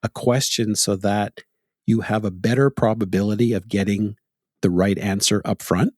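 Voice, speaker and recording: In clean, dry studio audio, a middle-aged Canadian man hosts his podcast, sharing stories in a relaxed, reflective way and laughing softly throughout. His fairly low, slightly mellow voice keeps a fairly even intonation at a normal pace.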